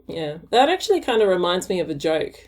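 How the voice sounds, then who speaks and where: A woman's voice: fairly low pitch, sing-song, fairly quick, a little mellow. A woman guest in a casual chat who tells jokes playfully. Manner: playful joke-teller.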